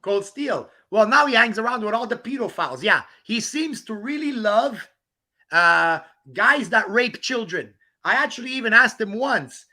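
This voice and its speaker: A man's voice: high-pitched, lively intonation, moderate pace, pushed and bright. A man hosting a livestream outdoors, ranting and mocking a rival with profane jokes and laughter. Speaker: livestream host. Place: outdoors on a walk in the rain.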